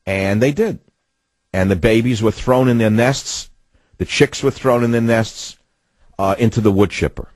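A man's voice: lowish voice, a little slow, a little mellow, dry recording. A man hosting a talk radio show, delivering an indignant, ranting monologue with sardonic asides.

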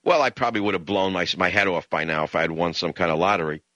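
Talking fast, a Bronx-born older man rants through a fiery talk-radio monologue in a low, hard-edged, forceful voice. His emphatic stretches break into high, mocking outbursts, and the audio is close and dry, lacking any room sound.

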